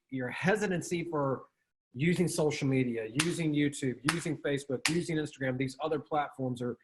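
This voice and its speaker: A man hosting a casual interview, talking emphatically and bluntly with plenty of swearing and slang. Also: fairly high pitch. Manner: emphatic and blunt, with frequent swearing and "dude", "bro". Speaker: podcast host.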